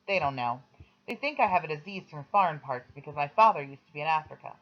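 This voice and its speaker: A reader voicing a chatty, teasing teenage girl patient in a high, playful voice. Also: animated, fast talker, close to an everyday voice. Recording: slightly dull lo-fi recording.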